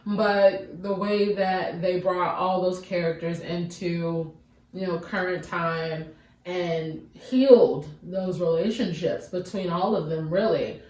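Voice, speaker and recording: A woman's voice: lowish voice, fairly even intonation, slow pace, a little mellow, recorded from a distance. A woman co-hosting a casual movie review chat, teasing her partner and laughing easily. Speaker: podcast co-host. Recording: roomy, mic set back.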